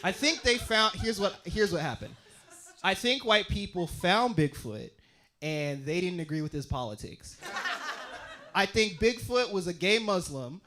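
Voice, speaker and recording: With slight background noise, a young man from Utah performs a somewhat slow comedy set, animated and jumping into loud, high character voices, then dropping into low asides.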